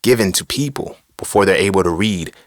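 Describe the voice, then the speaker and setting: A podcast host with a low, brisk voice delivers a casual monologue on philosophy and religion. He is blunt, profane and preachy, piling on rhetorical questions.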